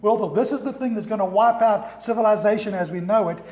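A man's voice: high-pitched, quick pace, darkish tone, echoey room. A man preaching a sermon as pastor, driving points home with rhetorical questions and repetition. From America.

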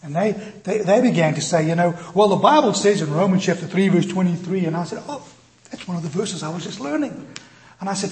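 A male pastor preaching a sermon, telling a personal story in an animated, self-deprecating way and acting out the voices in it. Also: high-pitched, brisk. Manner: animated, self-deprecating, acts out quoted dialogue. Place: church.

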